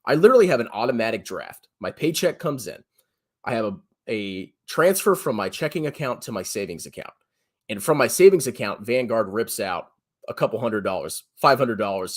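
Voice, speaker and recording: Blunt, lively finance guy in his thirties. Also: fairly quick. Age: 30s. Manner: blunt, sarcastic, jumps to high mocking pitch. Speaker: personal finance YouTuber. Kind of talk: animated solo commentary.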